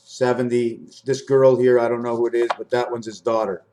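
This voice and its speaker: A man in his fifties rambling through a spiritual monologue to camera, swinging between high loud bursts and low muttering. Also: level tone, brisk, slight background noise. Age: 50s. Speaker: vlogger.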